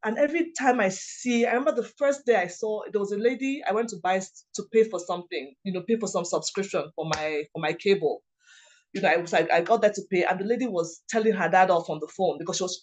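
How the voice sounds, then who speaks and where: A woman speaking in an earnest, heartfelt way, her voice at a middle pitch for a woman. She tells personal stories and reflections, often circling back with "you know" and starting her sentences again. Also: quick pace. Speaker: lawyer, policy worker and writing coach.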